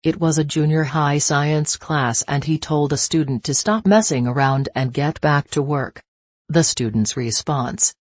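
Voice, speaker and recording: A text-to-speech voice reading short stories in an even synthetic delivery. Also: medium pitch, a little slow, dry recording. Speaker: story narrator.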